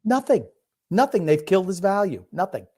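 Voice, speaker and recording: A man co-hosting a casual sports podcast, blunt, sarcastic and quick to swear, reading listener comments aloud. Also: high-pitched, big pitch swings, darkish tone. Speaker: podcast co-host.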